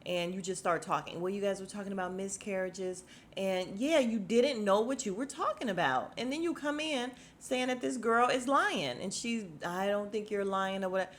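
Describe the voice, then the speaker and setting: A woman's voice: medium pitch, normal speed, few pauses. A woman hosting a podcast, recapping a reality show in casual chat, sassy and blunt, swearing freely and acting out quotes.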